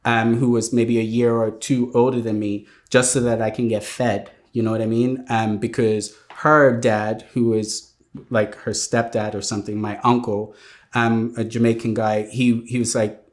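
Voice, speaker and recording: A young man speaks in a reflective, halting way, stopping often and restarting his sentences as he recounts his past. His voice sits at an ordinary middle pitch, and his delivery is unhurried and candid. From Bermuda. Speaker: guest sharing his life story. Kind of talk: personal testimony interview.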